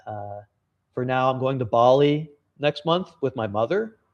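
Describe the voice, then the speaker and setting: A man chatting straight to camera in a relaxed vlog update. He talks candidly and casually, drifting into stories, with the odd swear word tossed in. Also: mid-range voice, unhurried, dull audio. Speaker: travel vlogger and novelist.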